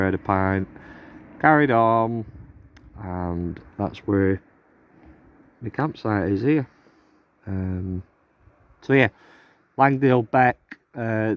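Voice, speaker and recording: Rambling hiker, dull outdoor audio. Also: male voice, on the low side, smooth, dry recording. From England. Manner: rambling, chatty, relaxed. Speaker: hiker vlogger. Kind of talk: casual outdoor vlog narration. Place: outdoors on a hiking trail and campsite.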